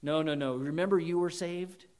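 A man's voice: steady tone, moderate pace, a little mellow. A man preaching a sermon, earnest, reading scripture aloud and rising for emphasis. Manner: earnest, rises in pitch and volume for emphasis.

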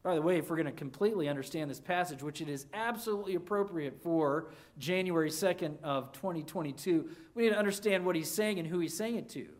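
A pastor preaching a sermon, swinging between loud emphasis and hushed, low lines, with emphatic repeated restarts. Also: fast, hardly any pauses.

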